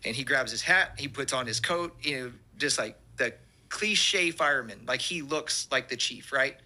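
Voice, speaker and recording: At a normal speed and in a mid-range voice, a man, who is a pastor, shares a lively testimony and performs the quoted lines himself.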